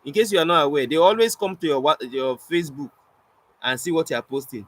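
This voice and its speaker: A man's voice: on the high side, fast, a bit bright, rough recording. A young Nigerian man, a spoken word poet, teaching in a casual storytelling way, acting out both sides of his anecdotes and slipping into pidgin.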